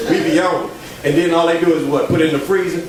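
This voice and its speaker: A man performs stand-up, stammering and exasperated as he builds his story. His voice is a bit high. He is heard from across a strongly echoing venue with faint noise behind him. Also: steady tone, a little fast, a little mellow. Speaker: stand-up comedian. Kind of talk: stand-up comedy set. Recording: very echoey venue from far off.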